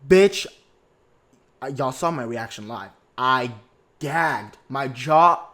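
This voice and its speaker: A young man hosting a podcast, recapping a reality show in a sassy, excitable way with lots of slang and swearing. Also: mid-range voice, takes it slowly. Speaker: podcast host.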